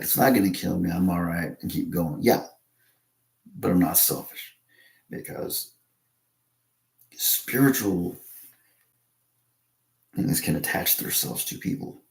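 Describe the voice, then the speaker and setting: A low-pitched American man with a gravelly, creaky edge rambles through a casual monologue. He stops and restarts often, padding his talk with fillers. His voice rings in a noticeably echoey room. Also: a little mellow. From United States. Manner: halting, with many fillers and restarts.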